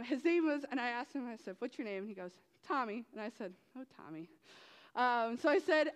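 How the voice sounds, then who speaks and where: Young woman telling a story in a hall. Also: a little high. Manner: animated storytelling with many fillers. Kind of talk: testimony talk to youth. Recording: long hall reverb.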